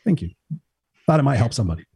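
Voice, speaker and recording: A man telling a story in a casual chat, energetic, swearing freely and acting out what others said. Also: mid-range voice, racing, gravelly, husky, dry recording. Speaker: motivational speaker.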